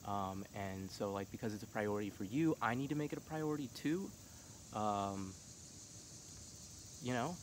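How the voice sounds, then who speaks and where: A man's voice: mid-range voice, slight background noise. A middle-aged man talking casually and passionately, full of fillers. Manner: passionate, rising to heated shouting; casual, filler-heavy talk. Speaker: vlogger. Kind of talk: casual monologue on politics.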